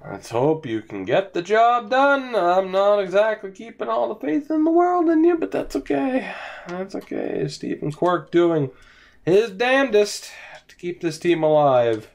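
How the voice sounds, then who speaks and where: A man's voice: high voice, sing-song, a little slow. A young man casually commentating his hockey video game franchise at home, sighing, yawning and sounding resigned as his team loses. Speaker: gaming commentator. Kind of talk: casual let's-play commentary.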